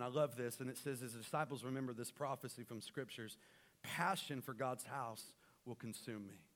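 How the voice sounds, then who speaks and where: A man preaching a sermon as pastor, swinging between loud rallying calls and quiet, intimate stretches. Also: medium pitch.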